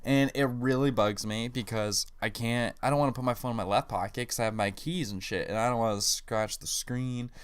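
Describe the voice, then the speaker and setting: A man's voice: mid-range voice, steady tone, a little fast, few pauses, clear, resonant tone. A man co-hosting a comedy podcast, playful and mock-dramatic in casual chat. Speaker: podcast co-host.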